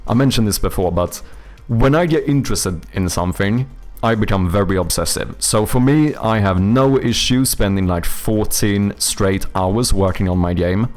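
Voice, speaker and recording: A man's voice: lowish voice, moderate pace, a little mellow, soft background music. Swearing Swedish man chatting on stream. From Sweden. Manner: rambling, swears casually, self-deprecating. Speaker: game developer streamer. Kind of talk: casual livestream chat reading viewer comments.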